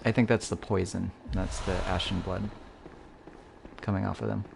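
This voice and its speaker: A man talks casually through a game playthrough, joking and reacting aloud as he goes. His voice sits lowish with a gravelly, creaky grain. The recording is noisy, with game ambience behind him. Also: flat delivery, normal speed. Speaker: streamer. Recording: noisy stream audio.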